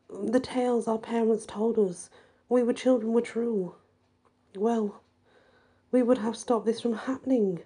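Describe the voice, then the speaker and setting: A woman's voice: mid-range voice, dark tone, breathy edge. A woman doing a frightened pleading mother. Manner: anxious and pleading.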